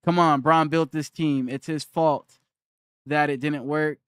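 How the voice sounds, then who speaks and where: A man's voice: a little high, fairly even intonation, unhurried, clear, resonant tone, no echo, clean studio sound. A young man on a live stream who argues with his chat, repeats his challenge and reads their comments aloud.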